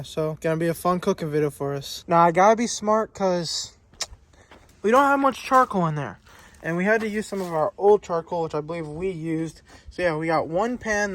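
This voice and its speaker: Outdoors by a lake, a young vlogger chats upbeat to his viewers, a bit out of breath, in a high-sitting voice. It's recorded on a phone camera, with a little hiss or hum.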